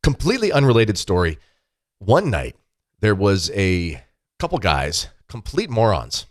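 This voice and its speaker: A man with a very deep voice hosts a casual talk show from his desk at home. He rambles through animated anecdotes, filling them with asides and "like." The sound is dry and close, with no room echo. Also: measured pace. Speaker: podcast host. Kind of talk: casual storytelling chat. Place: home desk with weightlifting equipment behind.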